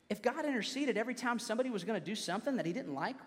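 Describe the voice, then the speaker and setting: A man's voice: high-pitched, sing-song, fast talker. A young adult man preaching a sermon to a congregation in a conversational way, with joking asides. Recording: long hall reverb.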